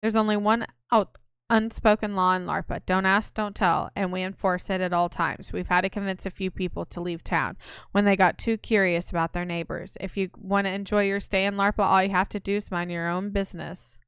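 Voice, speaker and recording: A woman voicing a menacing hired bouncer who speaks in a low, threatening way. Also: level tone, fairly quick, a bit bright, smooth, no room sound, studio quality, natural voice.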